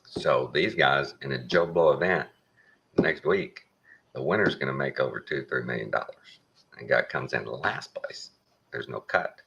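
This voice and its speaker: A Texan man talking straight to the listener in a folksy, wry monologue. His voice sits extremely low and grinds with gravel. It still comes through with a bright, forceful edge. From Texas. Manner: folksy, plain-spoken, wry. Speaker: show host. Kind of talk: casual opinion monologue.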